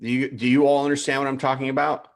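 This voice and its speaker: A man coaching in a live training session, reviewing profiles aloud in an animated way, repeating himself and calling viewers by name. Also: mid-range voice, fast talker.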